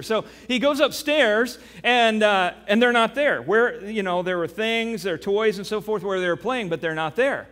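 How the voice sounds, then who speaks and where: A man preaching a sermon as pastor. He tells a story with animation and then turns quiet and earnest. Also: sits high, expressive, normal speed, hardly any pauses. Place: church sanctuary. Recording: long reverb of a church hall.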